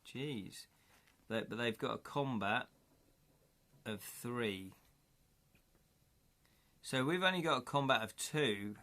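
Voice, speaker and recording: A man's voice: mid-range voice, animated, slow pace, pauses often, bright, forceful tone. A man chatting casually on a live stream as he plays through a gamebook, thinking aloud and correcting himself as he counts up dice rolls.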